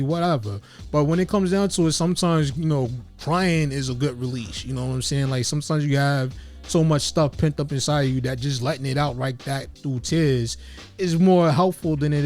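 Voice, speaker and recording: A man's voice: medium pitch, darkish tone. A man hosting a casual interview show who talks in an earnest, reflective way and keeps leaning on "you know". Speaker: host.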